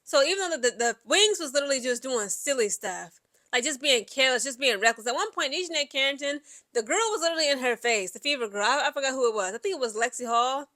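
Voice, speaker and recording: A woman's voice: high voice, expressive, fast talker, bright, forceful tone. A woman giving a casual, chatty recap of a basketball game, talking in with lots of fillers and asides. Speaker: sports commentary vlogger. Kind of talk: casual sports recap chat.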